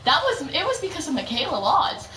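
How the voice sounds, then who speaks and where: A young woman chatting casually on a live gaming stream, telling a story and breaking into excited shouts at the game. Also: high voice, brisk. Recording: roomy echo, mic at a distance, loud background noise.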